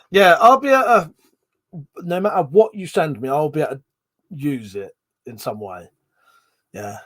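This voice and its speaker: Chatty man, fairly high voice. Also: animated, a little slow, long pauses, fairly bright tone, slightly rough, dry recording. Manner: chatty, reads out viewer comments, swears casually. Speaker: livestream host. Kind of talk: casual livestream chat.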